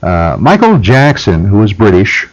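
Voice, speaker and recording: A man's voice: lowish voice, wildly swooping pitch, measured pace. A man hosting a radio talk show, conversational, steering the talk with his studio guest, heard on a studio microphone through a lo-fi broadcast.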